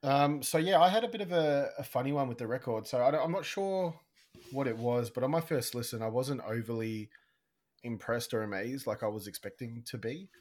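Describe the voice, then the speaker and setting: A man co-hosting a music podcast in casual chat, talking fast with a slight lisp. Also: medium pitch, a little mellow. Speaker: podcast co-host.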